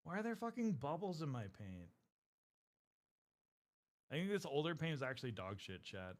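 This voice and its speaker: A man's voice: a little high, sing-song, moderate pace. Casual, swearing man chatting on stream. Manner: swears a lot, rambling and chatty. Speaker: streamer painting miniatures. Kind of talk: casual live-stream chat.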